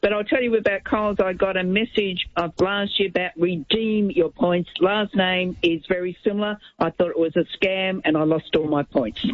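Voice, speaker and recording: A woman's voice: on the low side, steady tone, moderate pace, few pauses, no echo. A woman calling a radio show, talkative and grateful. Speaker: caller. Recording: tinny phone line, dry.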